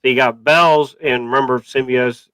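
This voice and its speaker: A man's voice: medium pitch, steady tone, moderate pace, a crowd in the background, low-quality recording. A man co-hosting a casual movie review podcast, rambling with wry asides. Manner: rambling, many fillers and restarts, wry. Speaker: podcast co-host.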